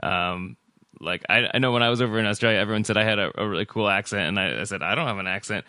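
Bright-voiced American podcast host. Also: male voice, on the low side, rapid-fire, clean tone, no echo. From United States. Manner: relaxed, hesitant with fillers. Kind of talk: casual chat and show outro.

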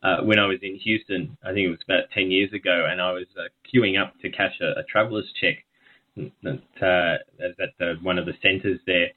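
An Australian man talking as a guest, telling stories in a relaxed chat and laughing easily. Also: low-pitched, fairly quick. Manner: chatty storyteller, laughs easily. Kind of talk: casual chat. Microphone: phone call. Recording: tinny phone line.

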